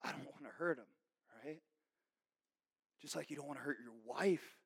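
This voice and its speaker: A man with a high voice delivers an earnest, conversational sermon, often pausing to check in with his listeners. He moves between forceful, raised lines and soft, hushed asides. The recording is dry and close, with no room sound. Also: vocal fry, husky, no room sound. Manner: earnest, conversational preaching with frequent "okay?" check-ins. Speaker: pastor.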